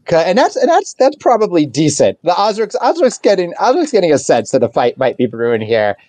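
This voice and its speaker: A man's voice: high voice, very animated, a little fast, a little mellow, no echo. A man narrating as game master of a tabletop game, rambling with lots of fillers.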